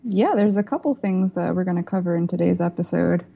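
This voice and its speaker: A woman filmmaker, a podcast guest talking over a video call in a measured, thoughtful way. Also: fairly low pitch, gravelly, dark tone. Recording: lo-fi call audio.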